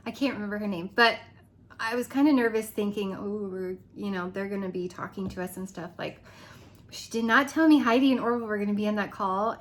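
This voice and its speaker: A woman chatting casually to her viewers in a rambling way, laughing often and going off on asides. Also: medium pitch. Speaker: direct sales consultant. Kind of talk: casual vlog chat.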